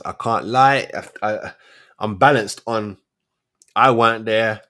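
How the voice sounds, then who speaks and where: A man's voice: fairly low pitch, moderate pace, bright, forceful tone. A man, hosting a casual solo commentary show, firing off rhetorical questions in street slang. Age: 40s. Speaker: host of a debate show.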